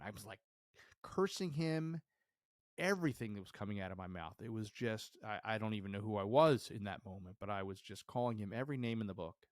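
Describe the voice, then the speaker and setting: A man hosting a podcast, telling a personal story in a lively way and acting out the dialogue he remembers. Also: fairly low pitch, a little fast, no echo, clean studio sound. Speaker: podcast host.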